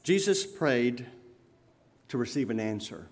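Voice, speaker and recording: A man preaching a sermon as pastor, swinging between loud emphatic lines and quiet lowered ones. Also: very animated, unhurried, long reverb tail.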